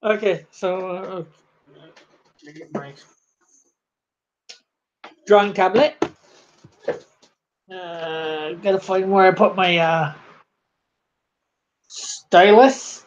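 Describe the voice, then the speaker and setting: Slow rambly artist talking to chat from home, kinda muffled lo-fi sound. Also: medium pitch, steady tone. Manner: rambling, halting, thinks aloud while reading chat. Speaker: comic artist livestreaming. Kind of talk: casual livestream chat.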